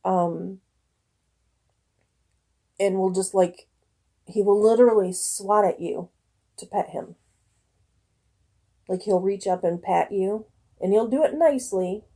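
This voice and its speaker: Chatty mellow-voiced woman in her forties. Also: medium pitch. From northern Michigan. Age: 40s. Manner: chatty, rambling, quick to laugh. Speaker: live-stream host. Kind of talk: casual chat with viewers. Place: at home.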